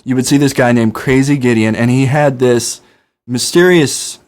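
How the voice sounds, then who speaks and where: A man co-hosting a casual podcast, telling stories and now and then breaking into loud impressions. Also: mid-range voice, steady tone, normal speed. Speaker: podcast co-host. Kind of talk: casual chat.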